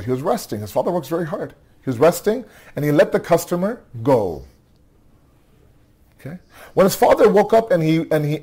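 A tired, yawning religious speaker tells a religious story to a nightly gathering, his voice on the high side with a darkish, slightly rough tone. He's conversational, checks in with "okay?", and often restarts phrases.

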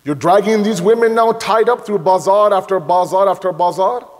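Man preaching with a really high voice, gets emotional and shouty, big echoey hall. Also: moderate pace. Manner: emotional, rising to shouted storytelling. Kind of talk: sermon.

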